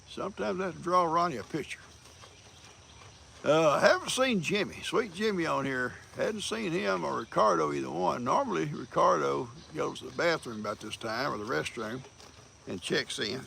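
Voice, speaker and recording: A man's voice: on the high side, very animated, moderate pace, gravelly, bright, forceful tone, slight background noise. An older man, hosting a casual livestream, folksy and teasing, laughing often as he greets viewers. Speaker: livestream host.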